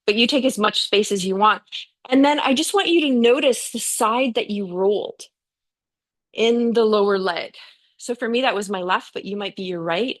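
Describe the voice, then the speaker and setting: A woman teaching a yoga and fascia class. She guides and encourages her students in a chatty way, with frequent "yeah" and "okay". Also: mid-range voice. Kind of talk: guiding a live yoga class.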